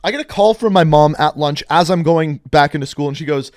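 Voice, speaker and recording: A young man tells a rambling high school story straight to camera. His voice sits a little high and the sound is dry and close. He keeps it chatty, full of asides and "like". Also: a little fast, few pauses, a little mellow, dry recording. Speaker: vlogger. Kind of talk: casual storytime narration.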